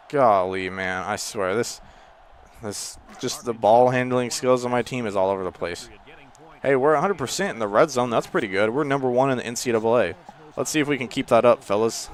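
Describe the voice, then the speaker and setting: A man casually commenting on his own football video game play, rambling between plays and exclaiming loudly when something happens. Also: medium pitch, fairly quick. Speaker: gaming channel host.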